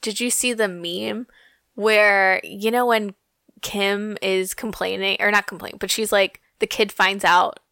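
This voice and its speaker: A woman's voice: mid-range voice, steady tone, vocal fry, sharp tone, clean tone, no echo, studio quality. Gossipy young woman podcast co-host. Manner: gossipy, quick asides and jokes. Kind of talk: casual pop-culture chat.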